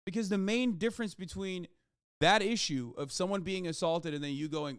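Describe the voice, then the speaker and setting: A male streamer rants with heat and plenty of swearing into a close, dry mic. His voice sits fairly high for a man and comes through smooth and clear. He talks with no room echo at all. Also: normal speed. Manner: heated, profane ranting. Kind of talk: livestream commentary.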